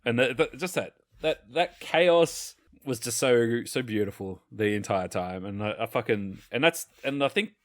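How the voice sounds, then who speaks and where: A man, telling gaming stories on a casual podcast, his voice mid-pitched and very dry, with no room sound around it. He swears freely and slips into other people's voices as he tells each story. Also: expressive, moderate pace, few pauses, no room sound. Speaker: podcast co-host. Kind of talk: casual chat.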